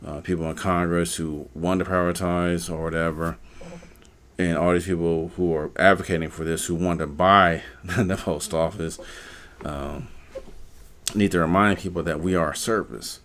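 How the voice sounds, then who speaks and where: A man's voice: deep voice, steady tone, moderate pace, a bit bright. A man hosting a live stream, talking casually and rambling, with many fillers and repeated words. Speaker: live stream host, postal worker.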